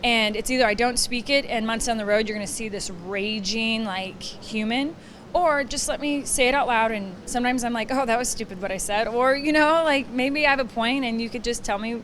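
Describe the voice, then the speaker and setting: A woman in her thirties, chatty and animated, acting out the lines of others as she tells a story. Her voice sits fairly high. A faint hum of noise sits behind her outdoors. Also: fairly quick. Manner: chatty, animated storyteller who acts out quotes. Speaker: interview guest. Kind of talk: casual chat.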